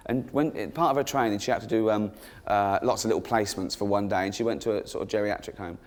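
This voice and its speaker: Doing stand-up storytelling, a middle-aged comedian with a lowish voice and a quick pace spins anecdotes, imitating the other people in them. He frequently cracks up laughing at his own punchlines.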